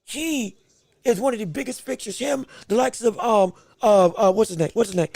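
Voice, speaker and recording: A podcast host with a high-pitched, slightly dark male voice delivers emphatic live fight commentary at a moderate pace. He repeats phrases and trades jokes with the chat, and the recording is dry.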